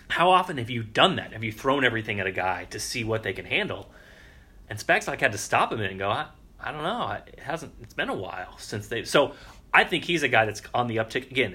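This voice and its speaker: A man's voice: medium pitch, sharp tone. A man co-hosting a sports podcast, giving casual analysis in a conversational way and often restarting his phrases.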